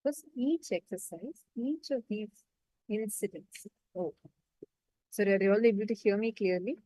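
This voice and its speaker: A woman's voice: medium pitch, normal speed, dark tone, no echo, poor audio. A woman leading an online spiritual class, giving patient step-by-step instructions and often checking that everyone understands. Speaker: meditation session facilitator.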